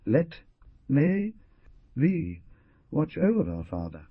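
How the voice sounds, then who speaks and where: A man voicing a sad, gentle young daughter, reading her lines in a raised, pleading voice for an audiobook. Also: wildly swooping pitch, slow pace, breathy edge, dry recording, phone-quality sound, heavily acted. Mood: sorrowful. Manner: pleading, hesitant, raised pitch.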